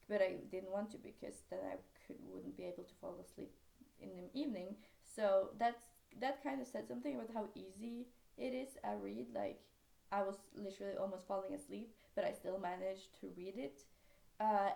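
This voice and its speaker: Young Norwegian-accented woman, rambling book vlog, gravelly low-energy tone, echoey room. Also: a little mellow. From Norway. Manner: rambling, sidetracks often, many fillers. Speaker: book vlogger. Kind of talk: casual chat.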